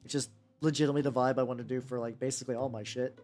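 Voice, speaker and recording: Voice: medium pitch, steady tone, racing, a little mellow, soft background music. A VTuber streamer chatting casually while painting miniatures, rambling and joking, with lots of "like"s and restarts. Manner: rambling, many "like"s and restarts, jokey.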